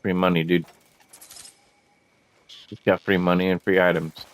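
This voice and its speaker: Man, very low voice, laid-back game commentary, swears a lot, laughs easily. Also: measured pace, a little hiss or hum. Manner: profane, laughing, excitable. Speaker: gamer showing a game. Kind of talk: casual gameplay commentary.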